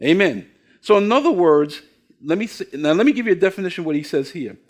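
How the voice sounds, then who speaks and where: An older male pastor speaks quickly in a high, animated voice during his sermon. Folksy storytelling fills it, along with questions to the congregation and acted-out voices for those he quotes.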